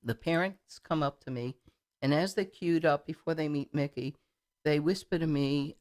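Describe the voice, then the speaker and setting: In a studio interview, a middle-aged political candidate shares a story chattily, full of fillers and repeated words. Her voice sits low and is a little mellow, delivered at normal speed.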